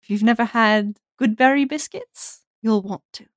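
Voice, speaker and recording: A woman voicing a friendly, welcoming male elf innkeeper in a tabletop game, speaking loudly with a put-on accent she keeps losing. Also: fairly high pitch, moderate pace, dry recording, studio quality, lightly acted. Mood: chatty. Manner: chatty and welcoming, loud delivery.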